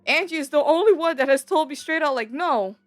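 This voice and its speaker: A high-voiced young woman telling a story in a relaxed chat, laughing often as she acts out each scene. Her voice sits close and dry on the mic. Soft music plays faintly underneath. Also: brisk, no room sound.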